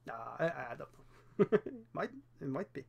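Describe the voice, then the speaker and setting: Gravelly-voiced Norwegian man chatting on a livestream. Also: medium pitch, animated. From Norway. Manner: chatty, self-deprecating, laughs often, halting with fillers. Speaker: livestream host painting miniatures. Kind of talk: casual livestream chat while painting.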